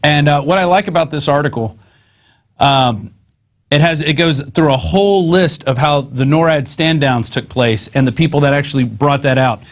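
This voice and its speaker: A man's voice: a little high, moderate pace. A man hosting a news show, reading articles aloud and adding sarcastic, conversational asides.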